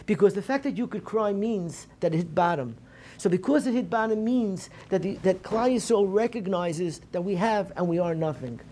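A man's voice: sits high, normal speed, dark tone. A man giving an earnest Tisha B'Av Torah lecture at a synagogue program. He often repeats and restarts phrases and mixes in Hebrew terms.

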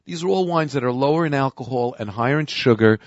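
A man hosts and explains wines in a talkative, rambling way, often doubling his words as he goes. His voice sits at a middle pitch, recorded dry and a little dull. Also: fast, no room sound. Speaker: host, wine expert. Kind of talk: casual chat.

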